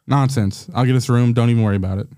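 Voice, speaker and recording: A man voicing a laid-back, flirtatious male DJ in a comic fan fiction reading, with a smooth, easygoing delivery. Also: medium pitch, rapid-fire, dark tone, pitched below the performer's own voice, close to an everyday voice.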